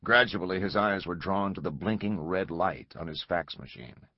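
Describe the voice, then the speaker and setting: Male audiobook narrator, low and husky, measured and dramatic; dry booth, slightly dull lo-fi sound. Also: no room sound. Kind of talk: scripted narration.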